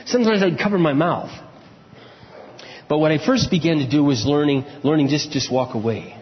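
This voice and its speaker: A man preaching in a big church hall, his fairly high voice ringing with long reverb. He tells stories from his own marriage, dropping to quiet confessional asides and then rising into loud shouted points. The sound is a bit dull and muffled. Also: normal speed. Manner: storytelling, swings from low confessional murmurs to loud shouted emphasis. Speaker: pastor. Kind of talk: sermon.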